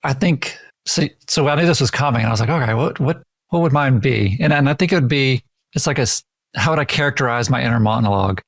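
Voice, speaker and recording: A man with a mid-pitched voice co-hosts a podcast, playful and joking in casual talk. He often restarts his sentences as he goes. The sound is dry and close. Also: fast, a bit bright, no room sound. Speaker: podcast co-host. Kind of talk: casual chat.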